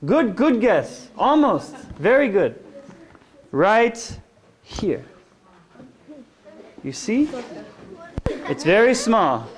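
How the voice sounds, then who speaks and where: Woman, storybook read-aloud for children, very slow, animated pitch, encouraging questions. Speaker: guest reader to children. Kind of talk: reading a picture book aloud to children.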